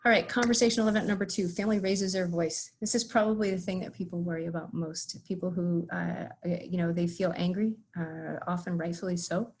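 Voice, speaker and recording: A woman's voice: lowish voice, steady tone, brisk, few pauses, a little hiss or hum. A woman giving an earnest conversational webinar presentation, with frequent filler words as she talks through her slides. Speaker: webinar presenter on patient communication. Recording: webinar audio.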